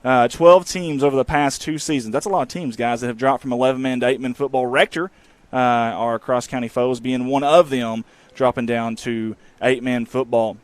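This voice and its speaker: A man hosting a live high school football pregame show from the press box, folksy and rambling with teasing asides. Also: fairly even intonation, normal speed, no room sound. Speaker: sports broadcast host.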